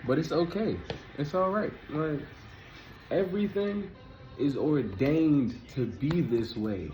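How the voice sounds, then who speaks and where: A man's voice: a little high, animated, slow, highs cut off. A man in his thirties giving a casual spiritual talk, loose and conversational, often checking in with the listener. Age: 30s. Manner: loose, conversational, keeps asking "you feel me". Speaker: spiritual vlogger.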